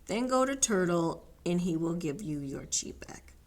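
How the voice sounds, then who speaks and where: A woman voicing a friendly, gentle male farm horse in a children's picture book, speaking in a bright, coaxing storybook voice. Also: lowish voice, lively intonation, unhurried.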